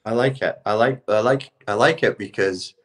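A middle-aged British man chats on a podcast in a very deep voice. He builds into animated rants, peppered with casual swearing. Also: normal speed. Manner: animated, ranting, swears freely. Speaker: podcast co-host.

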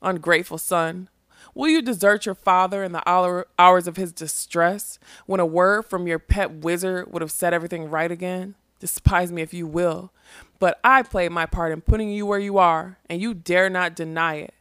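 A woman's voice: lowish voice, steady tone, moderate pace, a bit bright, clear, resonant tone, no echo, clean studio sound, close to an everyday voice. A woman voicing a wheezing, self-pitying old man who wails and screeches. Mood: bitter. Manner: wailing, screechy.

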